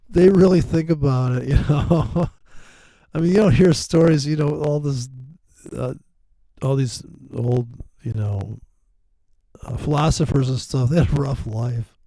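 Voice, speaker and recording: Middle-aged man, loose profane raconteur, warm dark voice, no room sound. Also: a little high, dry recording, rough recording. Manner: rambling, profane, laughs often, acts out others' lines. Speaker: forex trader telling stories. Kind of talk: casual storytelling.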